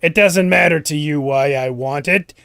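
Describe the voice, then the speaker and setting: A man voicing a scornful male villain wizard, speaking in a cold, threatening and deliberate way. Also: on the high side, gravelly, fairly bright tone, smooth, no echo, faint music behind. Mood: menacing. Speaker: villain in a tabletop game.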